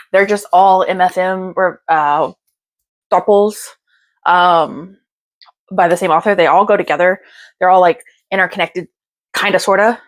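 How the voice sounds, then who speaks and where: Chatty, tired woman gushing over books. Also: on the low side. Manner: chatty, bubbly and gushing, with many fillers. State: tired and out of breath. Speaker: book vlogger. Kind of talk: casual book haul chat.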